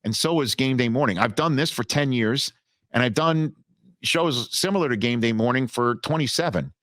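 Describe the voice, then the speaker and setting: A male sports broadcaster as an interview guest, telling stories in a lively, casual way with frequent restarts. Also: mid-range voice, moderate pace, dry recording. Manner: animated storyteller with many restarts.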